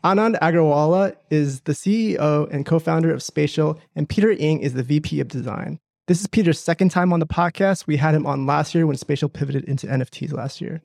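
A male podcast host reads his prepared introduction in a measured way. His voice is a bit high and has plenty of gravelly fry. The recording is close and dry. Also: a little mellow, no echo. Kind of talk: scripted introduction and interview questions.

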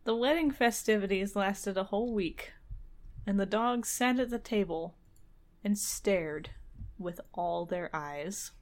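A woman's voice: medium pitch, a little slow. Wry woman reading a fairy tale aloud. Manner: laughs often, wry and deadpan asides. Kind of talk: casual reading with chatty asides.

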